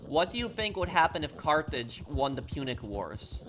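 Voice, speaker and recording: A man's voice: on the high side, very animated, normal speed, a bit bright. A man streaming a game, chatting casually and answering chat questions, with frequent fillers and restarts. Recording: noisy game audio underneath.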